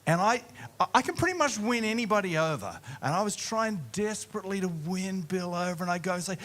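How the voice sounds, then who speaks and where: An animated man preaching with a swooping, expressive delivery. His voice sits fairly high for a man, and he tells his story with a comic touch. He is speaking from a church stage into a mic. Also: normal speed. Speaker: pastor. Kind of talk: sermon storytelling.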